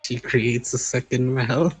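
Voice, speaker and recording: A player with a husky, slightly breathy voice narrates a character's actions in a tabletop game. The delivery is deadpan and casual, with faint music underneath. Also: medium pitch, unhurried.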